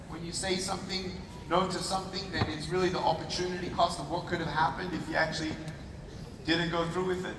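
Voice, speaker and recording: High-voiced man telling a story on stage, heard from far off. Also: fast talker, a crowd in the background. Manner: animated, acts out dialogue with shifting voices. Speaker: motivational speaker. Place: convention hall. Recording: distant roomy hall with audience. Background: audience and noise.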